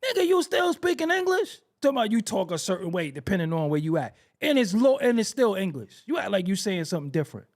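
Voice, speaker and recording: A man's voice: high voice, very animated, fast talker, hardly any pauses, darkish tone. A man hosting a hip-hop commentary show, ranting brashly with profanity and frequent laughter. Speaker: host.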